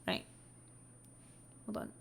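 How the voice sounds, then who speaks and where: Woman vlogger, casual and sweary storyteller with wry asides. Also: slow pace. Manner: doing her makeup while she talks. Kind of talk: casual true-crime storytelling.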